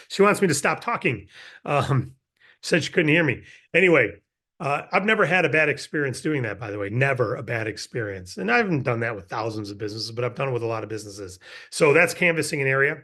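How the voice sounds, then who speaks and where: A middle-aged man giving a casual, energetic sales training and acting out sample pitches. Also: fairly quick. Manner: energetic, acts out sales scripts.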